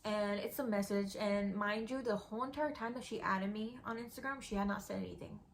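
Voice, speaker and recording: A woman's voice: mid-range voice, brisk, gravelly, a little hiss or hum. A young woman and YouTuber telling a storytime in a casual, candid way, dropping "like" and "girl" often. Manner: chatty, candid, with frequent "like" and "girl".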